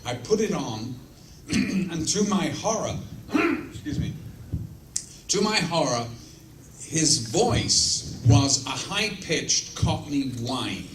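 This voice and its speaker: A man spins blunt, cheeky stories for a fan crowd, his voice bright and forceful. He sounds a bit away from the mic in a roomy hall, with a faint hiss behind him. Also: a little high, very animated, takes it slowly. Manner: blunt, profane, self-mocking anecdotes. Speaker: guest actor answering fan questions. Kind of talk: casual storytelling Q&A. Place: large convention room with audience. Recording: roomy echo, mic at a distance, faint noise.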